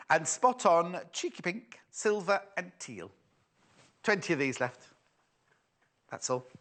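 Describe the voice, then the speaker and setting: A man's voice: high-pitched, fairly bright tone. A middle-aged man presenting live sales on TV, chatty and teasing as he banters with his crew. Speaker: shopping channel presenter.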